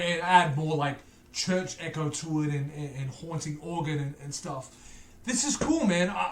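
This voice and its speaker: A man's voice: on the high side, echoey room. A man with a Liverpool accent tinged by Australian, casually commenting on a music video, joking and ranting playfully with stammered repeats. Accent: Liverpool, softened by Australian. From Liverpool, England. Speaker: music reaction host.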